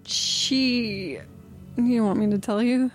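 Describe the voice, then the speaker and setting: A woman in casual chat who laughs often and gives quick opinions. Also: on the high side, soft background music.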